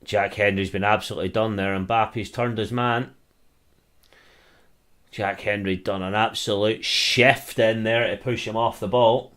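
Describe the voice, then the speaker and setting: A man's voice: lowish voice, steady tone, fairly bright tone. A Scottish man streaming a football watch-along, mixing casual play-by-play with grumbling about the refereeing. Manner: grumbling, mixes complaints with quick play-by-play. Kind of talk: casual live match commentary.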